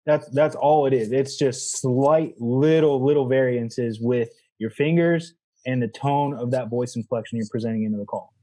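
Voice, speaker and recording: Guy guest on a podcast, mellow voice, walks through his technique plainly. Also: mid-range voice, moderate pace, hardly any pauses, a little hiss or hum. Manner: practical, demonstrates sounds while explaining. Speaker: guest, goose calling champion. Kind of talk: casual interview answers.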